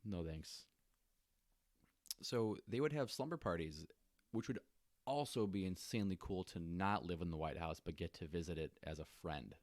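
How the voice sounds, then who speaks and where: Deep-voiced laid-back podcast guy. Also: normal speed, no room sound, studio quality. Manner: relaxed, jokey, many fillers. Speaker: podcast co-host. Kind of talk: casual chat storytelling.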